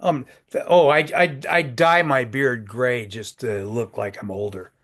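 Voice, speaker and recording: A man's voice: medium pitch, steady tone, unhurried, a bit bright. A man in his sixties hosting a networking group on a video call, folksy and joking, often repeating his words.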